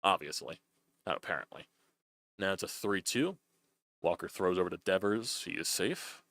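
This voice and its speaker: A man's voice: low voice, expressive, normal speed, a bit bright, no echo. A young man doing loose, chatty play-by-play on a live stream, swearing freely as he calls a baseball game.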